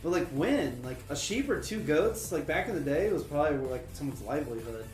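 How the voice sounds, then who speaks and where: A man's voice: on the high side, big pitch swings, brisk. Joking man co-hosting trivia. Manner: joking, rambling with lots of "like". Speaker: trivia co-host. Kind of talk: casual trivia livestream chat. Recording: roomy echo with faint music.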